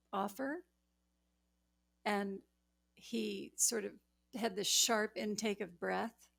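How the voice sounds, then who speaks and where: A woman hosts a real estate podcast and takes her time, telling a story at a slow, measured pace. Her voice has a gravelly, creaky edge. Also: medium pitch. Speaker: podcast host, realtor. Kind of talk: casual chat, recounting an anecdote.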